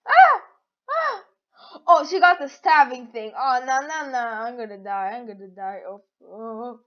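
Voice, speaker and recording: A woman giving casual game commentary as a channel host, excitable and giggly, teasing the other players. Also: on the high side, moderate pace. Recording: dull lo-fi audio.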